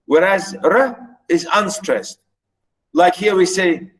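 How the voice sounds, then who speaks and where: A man's voice: sits high, a little slow, poor audio. A man lecturing on poetry, repeating himself often with many fillers and restarts. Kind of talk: recorded lecture.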